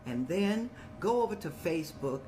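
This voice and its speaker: A woman's voice: on the low side, big pitch swings, moderate pace, dark tone, faint music behind. An older woman hosting an advice show, talking in a folksy, motherly, preaching way. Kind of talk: casual advice talk.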